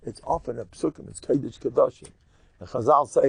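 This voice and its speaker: An older rabbi who gives a Torah lecture in an animated, jokey storytelling way, full of repetitions. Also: male voice, medium pitch, fast, gravelly, slightly rough, no room sound.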